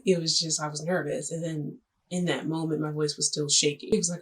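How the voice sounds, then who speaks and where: Speaking straight into the camera, a young woman vlogger shares a personal story in a husky, slightly low voice. Her chatty, somewhat dramatic delivery jumps quickly between topics and includes jokey asides.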